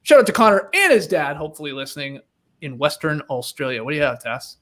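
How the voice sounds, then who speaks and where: A man with a fairly high voice hosts a casual podcast. He reads listener emails and trades jokes in an easygoing way. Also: big pitch swings, quick pace, a bit bright. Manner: easygoing and jokey. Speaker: podcast host.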